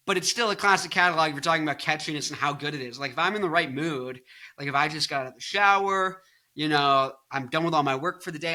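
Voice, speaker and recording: A man's voice: a little high, pushed and bright. A man in his twenties, a musician, giving his opinions in a casual, rambling vlog full of fillers and jokes. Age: 20s. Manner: rambling, filler-heavy, joking. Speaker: vlogger and musician.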